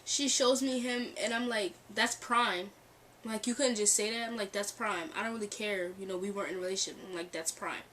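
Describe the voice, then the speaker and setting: A young woman chats through a personal story, switching into lively voices for what others said and breaking into laughs. Her voice sits a little back from the mic. A faint hum of the room and passing cars comes from behind her. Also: mid-range voice, brisk, distant mic. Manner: animated, acts out quoted dialogue, laughs often. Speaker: storytime vlogger. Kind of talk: casual storytelling. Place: bedroom near a street. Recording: mic set back, faint background ambience. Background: cars passing outside.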